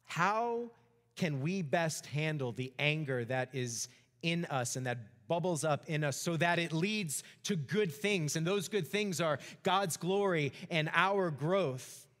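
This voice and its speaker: A man preaching a sermon as pastor, animated, acting out the voices of the story. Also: a little high, slow pace. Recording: reverberant hall.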